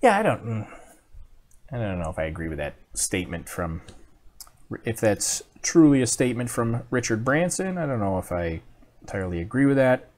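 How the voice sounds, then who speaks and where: A man's voice: on the low side, very animated, normal speed, a little mellow. A man hosting a live stream, chatting casually and reading viewer comments, rambling with many fillers and restarts.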